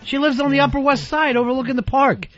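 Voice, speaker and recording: A man's voice: very high voice, fairly even intonation, fast, a bit bright. A man co-hosting a crude comic radio show, blunt and profane, laughing through his rants. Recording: slightly dull broadcast audio with faint music.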